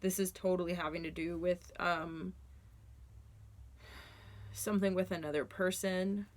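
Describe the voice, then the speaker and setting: A woman's voice: on the low side, steady tone, measured pace. Earnest woman giving a tarot reading. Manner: earnest, reassuring, with fillers and restarts. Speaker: tarot reader.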